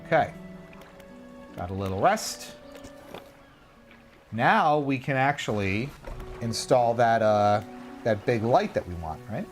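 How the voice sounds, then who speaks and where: A man's voice: mid-range voice, slow pace, long pauses, faint music behind. A man streaming a video game, chatting casually to himself and joking about his own mistakes. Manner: animated, jokey, self-mocking, talks to himself. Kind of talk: casual live gameplay commentary.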